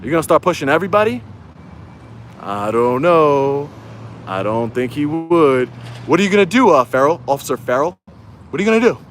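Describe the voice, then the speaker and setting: A man with a fairly high voice rants into his phone outdoors during a livestream. He is heated and repetitive, and he keeps rallying his viewers. Faint street noise hums behind him. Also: big pitch swings, brisk, pauses often. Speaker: YouTube auditor livestreaming. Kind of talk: angry livestream rant.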